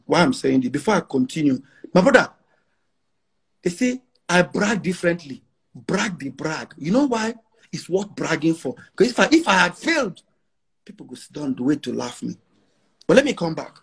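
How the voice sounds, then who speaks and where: Nigerian man in his 40s with a Pidgin-laced accent, boastful interview guest, high husky voice with lively swings. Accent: Nigerian English with Pidgin. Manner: emphatic, repeats himself, mixes in Pidgin.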